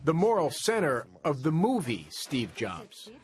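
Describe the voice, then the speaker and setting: A man's voice: on the high side, wildly swooping pitch, measured pace. Polished male news correspondent. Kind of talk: scripted narration and interview.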